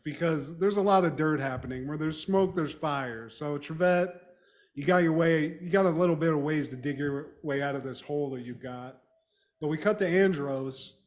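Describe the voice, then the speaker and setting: A man with a high-pitched voice talks through a movie's plot in loose, swearing podcast chat. He tells it like a story and laughs often. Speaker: podcast co-host recapping a film. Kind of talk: casual profane chat.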